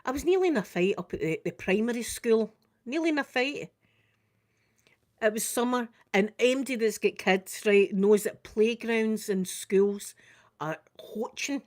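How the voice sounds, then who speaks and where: An older woman with a Scottish accent, chatting casually on a live makeup vlog and acting out her stories. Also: mid-range voice. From Scotland. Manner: animated storyteller, acts out screams and quotes. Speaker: makeup vlogger. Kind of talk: casual storytelling during a live makeup stream.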